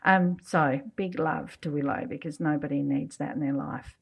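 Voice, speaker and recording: A woman co-hosting a podcast in casual chat, animated and emphatic, often agreeing. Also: low-pitched, normal speed, gravelly, slightly rough. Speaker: podcast co-host.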